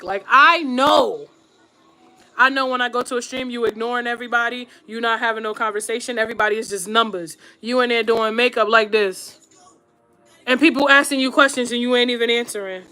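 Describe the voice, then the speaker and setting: This is a woman streamer chatting with her viewers while she does her makeup. Her voice is bright and forceful and sits a touch high. She talks bluntly and slangily, straight to her audience, and repeats things for emphasis. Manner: slangy, addresses viewers directly. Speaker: YouTube streamer and podcaster. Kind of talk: casual advice chat while doing makeup.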